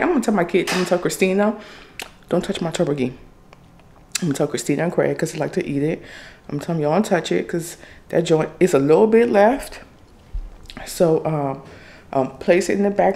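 A woman's voice: deep voice, a little mellow. A middle-aged woman vlogging at home in her kitchen, chatting casually to her viewers and addressing them directly. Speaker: family vlogger. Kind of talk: casual chat to camera.

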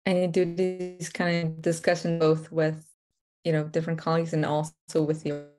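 A woman's voice: deep voice, level tone, normal speed, music in the background. A woman interviewer asking questions hesitantly, with many fillers. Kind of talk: conversational interview.

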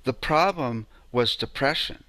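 A man's voice: medium pitch, measured pace, bright, forceful tone, dry recording. A man giving an informal lecture on sound healing, telling stories in a conversational way and often asking "right?".

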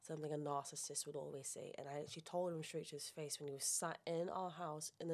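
A woman's voice: deep voice, fairly even intonation, fast talker, few pauses. A young woman on a podcast, talking bluntly and indignantly about her sister's ex. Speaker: podcast guest. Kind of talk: casual chat.

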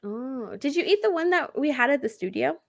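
Woman, co-host, brisk, high animated voice, gravelly, dry sound. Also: no room sound. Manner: brisk, moves things along. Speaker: co-host running the ranking. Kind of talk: casual panel chat.

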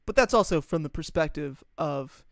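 Young male streamer, high gravelly voice, dry close mic, joking card-game commentary. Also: lively intonation, moderate pace, a bit bright, dry recording. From United States. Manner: chatty, joking, laughs often, answers chat. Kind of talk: casual live-stream gameplay commentary.

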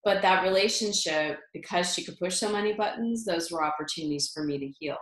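A middle-aged woman, a guest in an interview, telling a personal story in an animated way, laughing often and restarting her sentences. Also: lowish voice, brisk. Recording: roomy echo.

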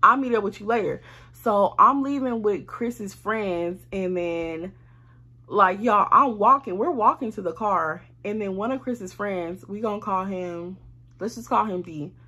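Young woman, husky tone; animated, profane storytime vlogger. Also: medium pitch. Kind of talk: casual storytime.

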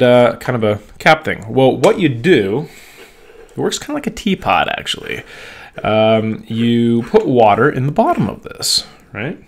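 A man talks straight to his viewers in a loose, rambling home vlog. He is buzzing on caffeine, excitable and quick to jump between thoughts. His voice sits at an everyday middle pitch. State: wired on caffeine. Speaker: vlogger.

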